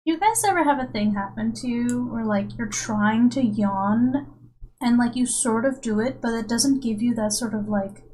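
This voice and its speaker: A woman's voice: fairly high pitch, normal speed, mellow, low-quality recording. A woman streamer and comic artist in casual, rambling live-stream chat with her viewers, self-mocking and chatty.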